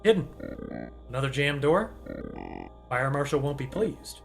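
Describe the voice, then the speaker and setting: A man voicing a gruff, folksy office worker on a phone call, drawling and calling the caller girl. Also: fairly high pitch, expressive, measured pace, soft background music.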